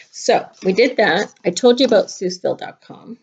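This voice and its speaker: A woman's voice: mid-range voice, moderate pace, darkish tone, slightly rough. A middle-aged woman, a kindergarten teacher, talking young children through a craft lesson in a playful, chatty way. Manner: chatty, playful, talks straight to kids. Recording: dull lo-fi home video sound.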